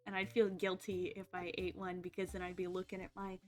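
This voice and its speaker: A woman's voice: lowish voice, monotone, fairly quick. A woman streamer hosting a casual chat, bubbly and laughing a lot, with many fillers. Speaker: streamer host.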